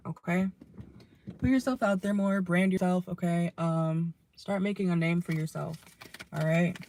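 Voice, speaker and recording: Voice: mid-range voice, background noise. A young adult tarot reader who is losing their voice, chatting casually to viewers from a car and often tagging a questioning "okay?" onto the end of phrases. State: losing voice, hoarse. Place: inside a car.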